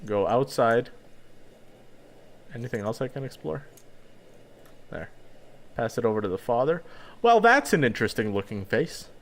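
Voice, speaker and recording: A man's voice: medium pitch, expressive, normal speed, pauses often. A man giving casual let's-play commentary with chatty, self-mocking asides.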